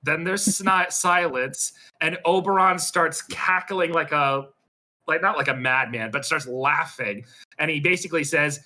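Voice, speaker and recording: Bright-voiced man retelling a story, halting. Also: fairly high pitch. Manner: hesitant, full of ums and restarts. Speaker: storyteller recapping a role-play episode. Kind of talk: casual retelling over voice chat. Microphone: computer mic on a voice call.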